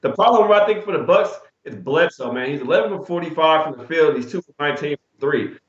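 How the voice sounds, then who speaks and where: A quick-talking man co-hosts a sports betting show in a loose, slangy style, cursing freely as he tells a story. His voice bounces around a roomy space, and the recording sounds dull and lo-fi. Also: on the high side. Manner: animated, swearing, slangy storyteller. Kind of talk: casual storytelling and betting talk. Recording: echoey room, dull lo-fi sound.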